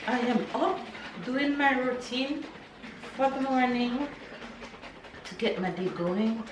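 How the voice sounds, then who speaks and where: A woman's voice: high voice, slow. A woman vlogging casually at home, a mother telling stories with lots of laughter. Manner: laughing, playful, animated storytelling. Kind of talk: casual vlog chat. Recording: echoey room with background noise.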